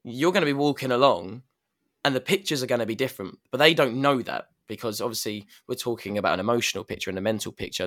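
A man's voice: mid-range voice, a bit bright. A man in casual chat, talking reflectively about personal growth, with many restarts and fillers.

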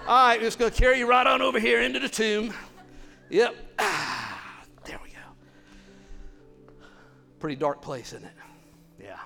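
A man playing a kindly, fatherly God in a church skit, chatting gently and reassuringly. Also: extremely high pitch, expressive, unhurried, gravelly, long pauses, faint music behind, voice pushed up, full character voice. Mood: folksy coaxing. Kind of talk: acted sermon skit.

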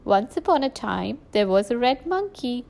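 A patient mother pig who speaks gently and reassuringly, with a lilting, animated voice, as a woman reader puts her on. It reads like a bedtime storybook. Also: fairly high pitch, moderate pace, vocal fry. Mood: gentle.

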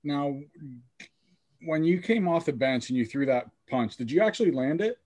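A man's voice: fairly high pitch, animated, moderate pace, darkish tone, no room sound. A man interviewing a guest in a casual podcast chat, mostly giving short reactions. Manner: brief reactions and questions.

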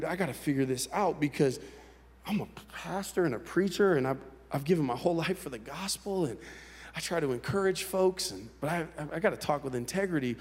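A male pastor telling a personal story in a sermon, candid and conversational, with halting restarts. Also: a little high, lively intonation. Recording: long hall reverb.

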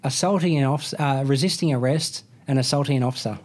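Talking fast in a darkish, medium-pitched voice, an Australian motorcycle racer in his thirties rambles through a story in casual chat. His anecdote is loaded with slang and keeps restarting as he corrects himself.

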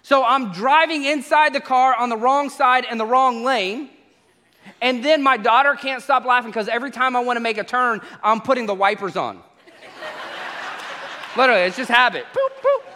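A man preaching a sermon, an animated storyteller who acts out the exchanges he describes. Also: very high voice, normal speed. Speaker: pastor. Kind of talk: sermon with humorous travel stories. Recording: echoey hall reverb.

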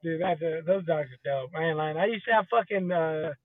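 A man's voice: on the high side, brisk, dry recording, phone-quality sound. A man, a father, joining a podcast as a guest, chatting in a laid-back, slangy, profane way. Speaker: guest co-host. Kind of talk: casual profane banter.

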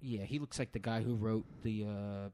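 A man's voice: on the low side, moderate pace. A man co-hosting a podcast in casual chat, telling profane stories and acting out what other people said. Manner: profane animated storytelling, acting out quotes. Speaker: podcast co-host.

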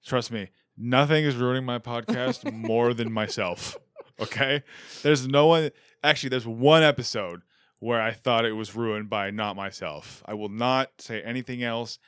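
A man in his thirties hosting a podcast, chatting casually with quick self-deprecating jokes. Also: mid-range voice, smooth, no echo, studio quality. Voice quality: animated, jokey, self-deprecating. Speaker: podcast host. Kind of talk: casual chat.

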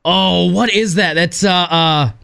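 A man co-hosting a morning radio show, excitable and animated, thinking out loud as he guesses. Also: high voice, slow pace, gravelly, clean tone, dry recording, clean studio sound. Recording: music bed under the voice.

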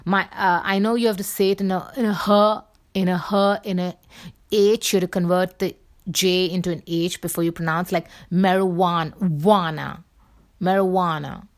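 A woman's voice: fairly low pitch, steady tone, moderate pace. A woman vlogger talking casually in a rambling, playful way, full of fillers and restarts.

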